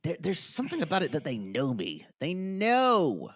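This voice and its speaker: A man's voice: on the high side, breathy edge. A man co-hosting a podcast, chatting casually about reality TV and laughing often. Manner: giggly, animated, drawn-out delivery. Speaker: podcast co-host.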